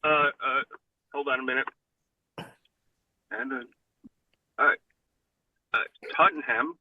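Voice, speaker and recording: A man's voice: mid-range voice, steady tone, takes it slowly. A man co-hosting a sports betting podcast in casual chat, laid-back and full of hesitant fillers. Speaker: podcast co-host. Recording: tinny phone line.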